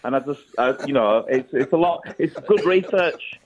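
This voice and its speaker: A man's voice: medium pitch, lively intonation, moderate pace. A man, a comedian guest chatting playfully down the phone. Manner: jokey, playful. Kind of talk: casual phone chat. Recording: tinny phone line.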